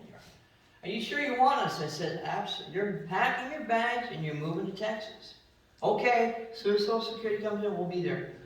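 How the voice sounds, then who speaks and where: A man giving a memorial eulogy, telling rambling family anecdotes and acting out the voices he quotes. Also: on the high side. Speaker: eulogy speaker. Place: memorial service hall. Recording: very echoey hall, distant from mic.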